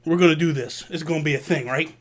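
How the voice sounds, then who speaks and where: A man hosting a vlog, telling a personal story in an animated, casual way with slang. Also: a little high, quick pace. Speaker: vlog host. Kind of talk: storytelling to camera.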